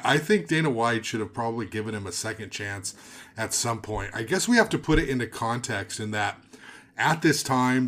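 A man co-hosts a laid-back sports talk show. He argues his side in an easy, conversational way. His voice sits at a middling pitch. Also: fairly bright tone. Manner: opinionated, conversational. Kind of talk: casual sports chat.

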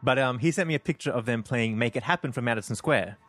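A man's voice: mid-range voice, fast. A man co-hosting a fan podcast, chatting casually and telling a story with lots of "like," acting out what people said. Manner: animated storytelling, acts out quotes with a rising voice. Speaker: podcast co-host. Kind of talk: casual chat. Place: apartment room with window open, city sirens.

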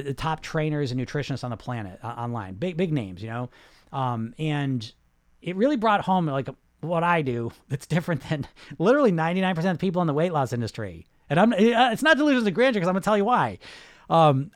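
A middle-aged weight-loss coach hosts a casual live Q&A, rambling and restarting often in an emphatic, salesy style. His voice runs on the high side, and the recording is clean studio sound without echo.

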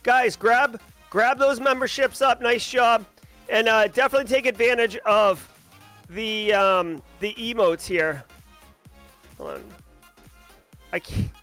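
A man with a high, bright voice hosts a live stream in an energetic, casual way, calling out viewers with a playful sing-song lilt. Music plays softly behind him. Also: takes it slowly, pauses often. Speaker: livestream host.

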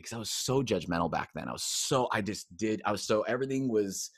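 Man, lower voice, casual, animated storyteller, acts out quotes, dry close recording. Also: fast, few pauses, no echo. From United States. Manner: casual, expressive, acts out quotes with big swings. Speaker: guest, coach and former pastor.

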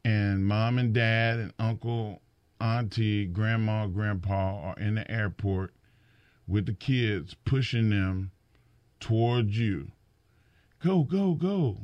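A middle-aged man in a casual chat about wrestling, telling animated stories and acting out quotes, often repeating words as he starts. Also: on the low side, takes it slowly, clean tone, no room sound, muffled recording. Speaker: wrestling podcast co-host.

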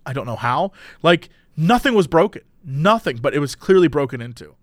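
A man telling a story in casual chat, animated and exasperated, swearing now and then. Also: fairly high pitch, brisk, no echo, studio quality. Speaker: podcast host telling a story.

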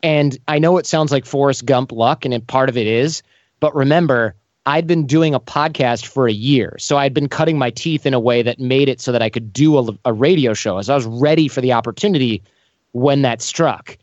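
A man in an interview, telling lively stories and acting out the voices of the people in them. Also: mid-range voice, normal speed, no echo, highs cut off. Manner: animated, acts out quoted voices. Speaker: podcast host as guest. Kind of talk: casual storytelling interview.

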